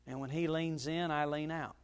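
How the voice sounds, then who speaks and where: A middle-aged man, a pastor, preaching a sermon and telling a story, his voice now and then jumping up loud. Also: fairly high pitch, steady tone, normal speed, smooth. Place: church.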